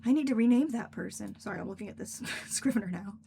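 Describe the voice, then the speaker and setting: A woman's voice: mid-range voice, quick pace, creaky, mellow, a little hiss or hum. A young woman, an author, chatting casually and rambling on a livestream, laughing often. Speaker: author and streamer.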